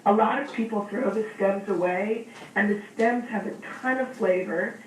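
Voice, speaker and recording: A woman chef and cookbook author with a hoarse, gravelly voice from a cold, calmly guiding a cooking demo step by step over the phone, with many ums. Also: mid-range voice, moderate pace. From Maine. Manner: explains steps warmly in detail, with ums. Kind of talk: casual instructional chat. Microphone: phone line. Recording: echoey, distant, faint noise.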